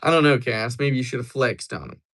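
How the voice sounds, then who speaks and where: A young man hosts a livestream, chatting casually and joking as he answers viewers with rambling replies. His mid-range voice is a bit bright and moves fairly quickly.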